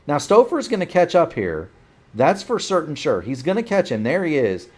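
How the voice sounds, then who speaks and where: A man's voice: fairly high pitch, huge pitch swings, moderate pace. A man calling play-by-play for a sim racing broadcast, rambling and correcting himself as he goes, fighting off a bout of hiccups. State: has the hiccups. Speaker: play-by-play commentator.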